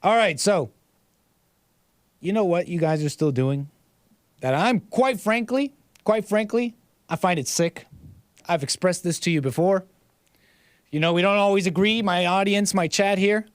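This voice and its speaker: A man's voice: sits high, normal speed, long pauses, no room sound. A man hosting a casual livestream, reading viewer messages and rambling sarcastically with frequent restarts. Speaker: livestream host.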